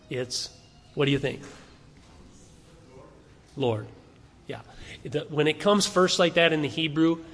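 A man's voice: fairly high pitch, fairly bright tone, long reverb tail. A man preaching a sermon to a congregation, conversational and asking them questions. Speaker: pastor.

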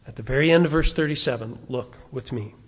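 A man's voice: mid-range voice, fast talker, husky. A middle-aged man preaching a sermon to a congregation, asking them questions and having them turn to verses. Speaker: pastor. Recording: long hall reverb.

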